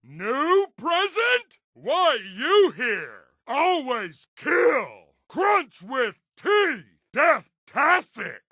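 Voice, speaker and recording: A roaring, cackling brute of a monster from a video game, spitting crude threats in a high, gravelly voice. He drags his words out slowly and hammers each one home, bloodthirsty and delighted with his own rage. The voice sits dry and close. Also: sharp tone, no room sound, full character voice. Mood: brutish menace. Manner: bellowing short brutish threats, cackling. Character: hulking brutish monster, gleefully murderous. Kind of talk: game character voice lines.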